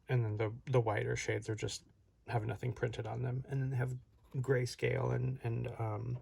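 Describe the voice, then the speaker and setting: A man's voice: medium pitch, gravelly, a little hiss or hum. A man chatting casually while unboxing and reviewing an action figure, rambling and often interrupting himself. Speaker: toy reviewer.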